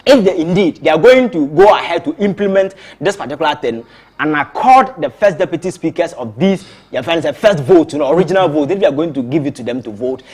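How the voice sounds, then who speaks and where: A Ghanaian man speaks as a political analyst on a talk show, and his voice sits a little high. He argues emphatically and keeps repeating words as he pushes ahead. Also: lively intonation, a little fast, darkish tone, husky. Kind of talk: studio talk show commentary.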